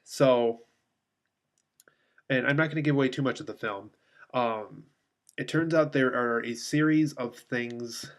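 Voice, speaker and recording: Man, mid-pitched, casual movie review delivered off the cuff, rambling with frequent ums. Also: a little slow, pauses often. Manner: rambling, many filler ums and restarts.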